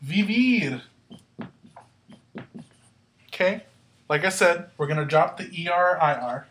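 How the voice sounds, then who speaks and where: A woman's voice: on the low side, lively intonation, slow pace, fairly bright tone. Woman, Spanish teacher, upbeat, step-by-step, classroom lesson. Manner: upbeat, drills endings step by step. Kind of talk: classroom-style grammar lesson.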